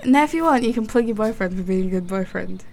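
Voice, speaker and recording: A woman's voice: mid-range voice, expressive, fast, a little mellow. A woman in her twenties with a London accent, co-hosting a casual chat and teasing her friend with dry banter. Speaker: podcast co-host.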